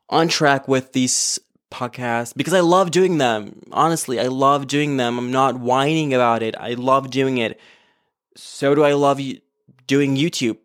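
A man hosting his own podcast alone at home, talking candidly and rambling, with many fillers and frequent swearing. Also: mid-range voice. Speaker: podcast host. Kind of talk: casual solo podcast monologue. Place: home, apartment. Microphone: podcast microphone on an iPad.

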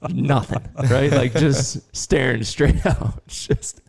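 A man hosting a podcast, telling a long story in a casual, animated way and laughing now and then. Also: mid-range voice, slow, gravelly, slightly rough, dry recording. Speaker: podcast host and dog trainer.

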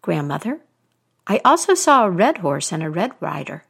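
A woman's voice: on the low side, very animated, normal speed, gravelly, fairly bright tone, breathy edge, full character voice. A woman storyteller voicing a timid young girl who speaks politely and carefully. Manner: polite and hesitant.

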